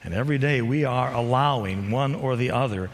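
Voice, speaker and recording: A man preaching a sermon, shifting from quiet, low musing to loud, fervent shouting, acting out an inner voice with sighs and slow, drawn-out words. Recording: long hall reverb.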